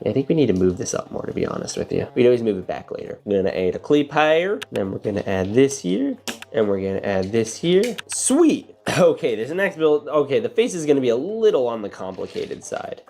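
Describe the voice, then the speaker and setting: Male vlog host, casual and excitable, very lively pitch. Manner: chatty and excitable, big pitch jumps. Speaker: LEGO builder and channel host.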